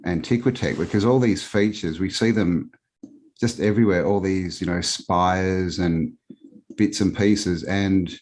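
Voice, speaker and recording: Australian man, very low voice, a rambling podcast guest on a call. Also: a little mellow. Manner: rambling, meandering with many fillers. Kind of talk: casual conversation on a live online show.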